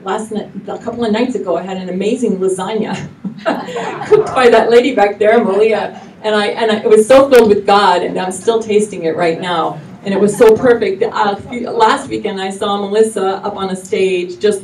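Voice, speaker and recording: Mellow-voiced woman minister in an echoey hall. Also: medium pitch. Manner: effusive, loose and rambling, with frequent restarts. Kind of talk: casual sermon. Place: church hall with live congregation. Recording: echoey hall, mic from far off, faint noise.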